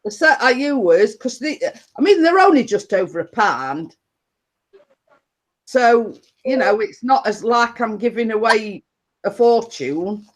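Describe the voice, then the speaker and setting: A woman's voice: on the high side, expressive, unhurried. A woman hosting a casual livestream chat from her home computer desk, rambling with restarts. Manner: chatty, rambling with frequent restarts and laughs. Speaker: livestream host.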